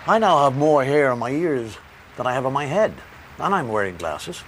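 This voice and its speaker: A man's voice: mid-range voice, very animated, normal speed, a little hiss or hum. A man talking to camera in a wry, self-mocking way. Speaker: comedian. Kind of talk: reflective talk to camera.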